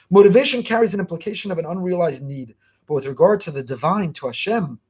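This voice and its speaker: A man giving a fast, emphatic Torah lesson as a rabbi, repeating key phrases. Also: sits high, husky. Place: online class.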